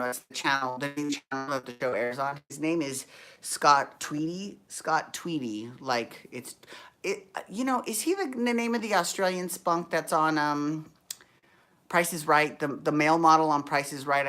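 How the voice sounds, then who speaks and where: A woman with a deep, low voice chats through a TV show recap. Her delivery is sassy and campy, full of gossipy slang. She rambles and corrects herself as she goes. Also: fairly bright tone. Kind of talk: casual TV recap chat.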